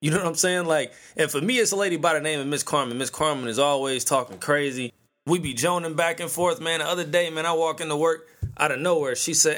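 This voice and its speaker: A man's voice: a little high, fast talker, a bit bright. A man in his thirties hosting a podcast, ranting casually in a profane, slangy storytelling way. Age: 30s. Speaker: podcast host.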